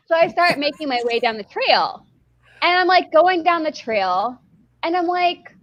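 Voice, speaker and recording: A woman's voice: very high voice, animated, measured pace, no room sound, dull audio. A woman hosting a podcast who tells a story casually, rambling with lots of "like" and laughter. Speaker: podcast host.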